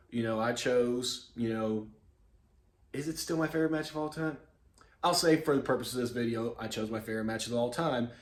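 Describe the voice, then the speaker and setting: A man hosting his own video channel, telling stories in a relaxed, rambling way with lots of fillers and chuckles. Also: medium pitch. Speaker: YouTube host. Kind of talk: casual vlog storytelling. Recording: echoey room.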